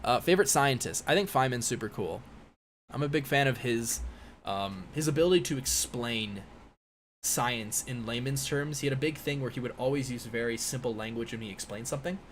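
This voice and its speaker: A man's voice: medium pitch, a little fast, a little hiss or hum. A man in his twenties from the United States, hosting a casual live-stream Q&A and reading chat questions aloud. He rambles, with many fillers and restarts. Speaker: live-stream host, physics PhD student. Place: indoor room with a window.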